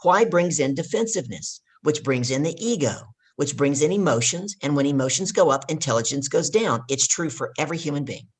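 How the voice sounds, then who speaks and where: A woman's voice: low-pitched, lively intonation, fairly quick, few pauses, husky. A woman guest and life coach telling a coaching story with energy, hammering home her key points. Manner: emphatic, repeats key points.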